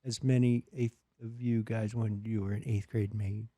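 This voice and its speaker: Here a middle-aged dad with a voice on the low side recounts family tales at a moderate pace, animatedly acting out each voice in a casual chat. The recording is dry.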